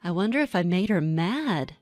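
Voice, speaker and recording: A woman's voice: on the low side, expressive, moderate pace, a little mellow, no echo, faint music behind, natural voice. A woman voicing a snide, bossy mom who mocks others in a sing-song tone. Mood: mocking. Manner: mocking, smirking sing-song.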